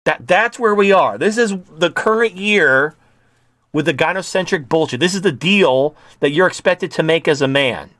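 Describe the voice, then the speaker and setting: A man's voice: fairly high pitch, animated, normal speed, a bit bright, no echo, clean studio sound. A man hosting an online commentary show, ranting in a profane, heated way.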